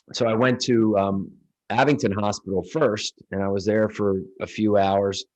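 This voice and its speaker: Man, low voice, middle-aged, earnest guest storytelling, acts out quotes. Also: a little mellow, highs cut off. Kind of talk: telling a personal story in an interview.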